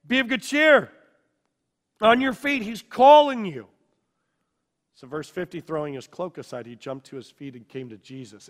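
Male preacher, high voice, dramatic sermon storytelling from hush to shout, long hall reverb.

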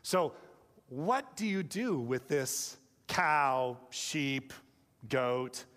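A man preaching a sermon in lively storytelling fashion, acting out kids and parents along the way. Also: mid-range voice, extremely slow. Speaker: pastor. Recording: long hall reverb.

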